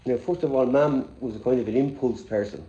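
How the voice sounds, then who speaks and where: Middle-aged Irish vlogger, dark mellow tone, animated casual storyteller. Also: male voice, medium pitch, fairly quick, reverberant, lo-fi sound. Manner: animated storyteller who laughs often.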